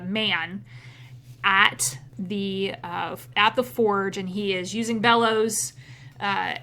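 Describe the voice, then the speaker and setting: A woman narrating as game master of a tabletop game, relaxed with many fillers and frequent laughs. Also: mid-range voice.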